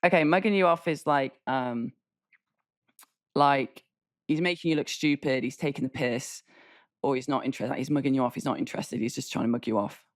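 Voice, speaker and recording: A woman's voice: rumbling low, a little fast, no echo, clean studio sound. A woman with a Derby accent co-hosting a podcast, chatting casually and explaining slang with easy laughs. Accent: Derby English. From England. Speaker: podcast co-host. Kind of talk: casual chat.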